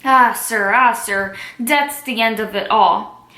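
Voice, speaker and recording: A blunt, fussy middle-aged nurse pleads for news, as a woman reads her lines aloud. The voice is bright and sits fairly high. The recording has a roomy echo. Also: slow pace. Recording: echoey room.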